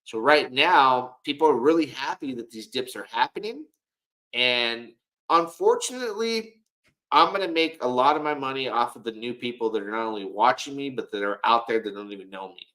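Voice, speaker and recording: A man's voice: mid-range voice, animated, moderate pace, sharp tone, rough recording. A man hosting a casual livestream, talking in a rambling, frank way and often repeating and restarting his words. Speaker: livestream host.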